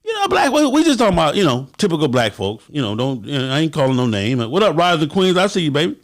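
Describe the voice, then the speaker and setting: A man's voice: fairly high pitch, wildly swooping pitch, quick pace. A man hosting a livestream for his motorcycle club, giving blunt, profane advice to viewers and acting out quotes in a raised voice.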